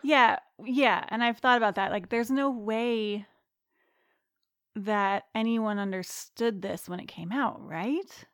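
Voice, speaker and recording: A woman co-hosting a podcast, chatting casually about a film, laughing often and talking in an animated way. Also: a little high, slow, dry recording, studio quality. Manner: giggly, animated. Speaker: podcast co-host.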